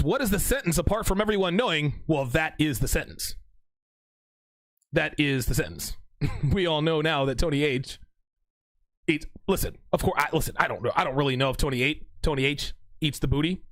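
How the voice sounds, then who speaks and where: Male live-stream host; playful, teasing delivery, pitch swinging all over, very dry mic. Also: a bit bright, no room sound. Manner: teasing, laughing, mock-courtroom ribbing. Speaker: livestream host reading chat. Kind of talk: casual live-stream banter.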